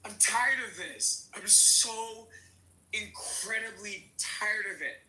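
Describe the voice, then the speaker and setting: A woman's voice: mid-range voice, slow, bright, forceful tone, echoey room, low-quality recording. A woman speaking as a panel guest, tearful and pleading, her voice breaking as she repeats herself. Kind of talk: emotional panel talk.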